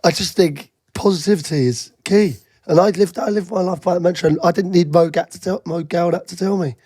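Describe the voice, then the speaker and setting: A man with a slightly husky voice trades teasing jokes in casual chat. His voice sits a little high for a man, and it is recorded close and dry. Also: brisk, a little mellow, no room sound. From England. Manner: joking, teasing banter. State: husky today. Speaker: podcast co-host.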